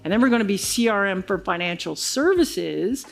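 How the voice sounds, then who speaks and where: A woman's voice: medium pitch, moderate pace, vocal fry, faint music behind. A woman giving a conference keynote, telling a business story and acting out the other people's lines. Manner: animated storyteller acting out quoted dialogue. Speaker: keynote speaker. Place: large conference hall stage.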